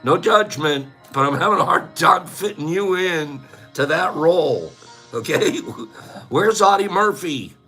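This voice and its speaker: A man's voice: on the high side, lively intonation, unhurried, faint music behind. A man hosting a casual live stream, playfully teasing the viewers in the chat and laughing often. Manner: breaks into loud bird calls. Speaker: livestream host.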